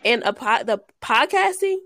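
Woman in her twenties, podcast co-host, chatty and quick to laugh, dry close sound. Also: fairly high pitch, sing-song, fairly bright tone, no echo. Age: 20s. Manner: chatty, laughs often, says y'all. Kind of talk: casual chat.

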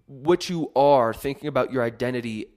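A young adult man talks alone on his podcast in a loose, conversational way. He wanders through his points with plenty of fillers and restarts, poking fun at himself as he goes. His voice sits at an ordinary middle pitch. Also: moderate pace, darkish tone. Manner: rambling, self-deprecating storytelling with many fillers. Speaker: podcast host. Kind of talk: casual solo podcast monologue.

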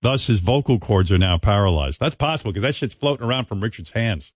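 A man's voice: fairly low pitch, lively intonation, quick pace, breathy edge, dry recording. A man hosting a radio show in casual banter, blunt and teasing, often laughing.

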